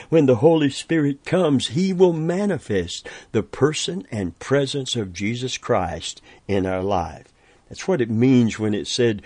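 A man's voice: medium pitch, animated, a little slow, darkish tone, breathy edge, no echo. A man preaching a sermon in an earnest, emphatic way, repeating words for stress.

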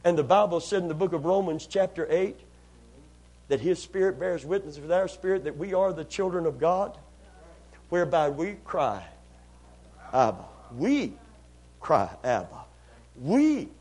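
Preaching to a congregation, a pastor with a slightly high voice and lively intonation calls for responses. On important lines he stretches the words out and rises to loud emphasis.

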